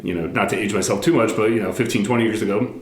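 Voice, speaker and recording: Man, late 30s, podcast guest, relaxed casual talk, lowish voice, echoey room. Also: rapid-fire. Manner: relaxed, agreeable, says "you know" and "like" often. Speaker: podcast guest, business owner. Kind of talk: casual chat.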